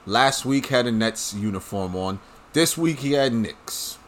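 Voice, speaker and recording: A male commentator with a medium-pitched, animated voice delivers a casual ranting monologue at an unhurried pace. Blunt, profane and full of strong opinions, he speaks straight to his audience over a slight hiss or hum.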